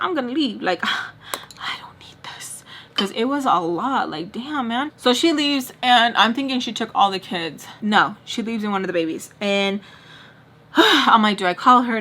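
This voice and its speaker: A woman vlogger telling a story casually, acting out both sides of the arguments. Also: medium pitch. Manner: fast animated retelling, acts out both sides of arguments. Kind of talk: casual storytime, quoting others.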